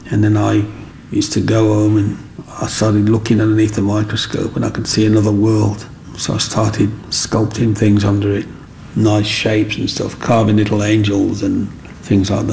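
A man's voice: fairly low pitch, gravelly, darkish tone, slight background noise. A man telling his life story as an interview guest, acting out the voices of people in it. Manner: acts out voices in his anecdotes. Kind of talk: animated storytelling.

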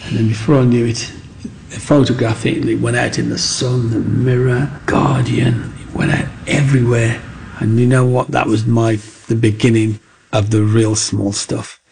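A man's voice: mid-range voice, little pitch movement, moderate pace, vocal fry, darkish tone, slight background noise. A man telling his life story as an interview guest, acting out the voices of people in it. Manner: acts out voices in his anecdotes. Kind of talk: animated storytelling.

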